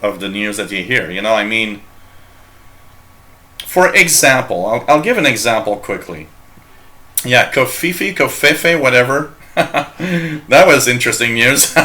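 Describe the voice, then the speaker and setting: A man from Canada hosts a live shortwave radio chat, rambling along at an unhurried pace. His voice is bright and forward, and he jokes and laughs often while reading messages from listeners. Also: mid-range voice. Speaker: radio show host.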